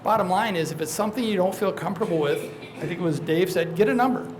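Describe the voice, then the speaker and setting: Man, high voice, lively storyteller, noisy church hall recording. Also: quick pace. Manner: lively storyteller acting out phone calls. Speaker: county attorney on a panel. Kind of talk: panel talk telling anecdotes.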